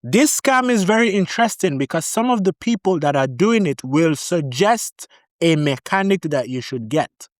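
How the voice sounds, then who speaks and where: Offering laid-back tips on life in Barbados straight to camera, this man tells lively stories, plays both sides of each argument, and hammers home key warnings by repeating them. He has a slightly high voice at normal speed, in clean studio sound with no room noise.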